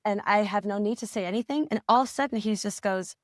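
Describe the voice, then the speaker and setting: A middle-aged woman, a parent coach, telling a personal story as a podcast guest, reflective and halting, often restarting her sentences. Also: mid-range voice, no room sound, clean studio sound. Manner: reflective, halting, with frequent restarts and soft laughs.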